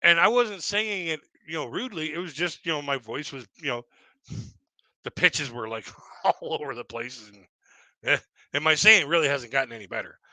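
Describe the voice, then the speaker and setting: Bright-voiced man rambling through comic stories. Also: a little high, expressive, fairly quick, dry recording. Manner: self-deprecating, chuckles often, lots of fillers. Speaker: stand-up comedian.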